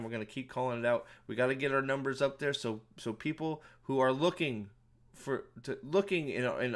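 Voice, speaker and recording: Male online commentator, mid pitch, indignant, profane, stammering ranter. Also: fairly bright tone. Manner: heated and indignant, swears often, stumbles and repeats words. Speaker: YouTube commentator. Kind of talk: angry ranting commentary.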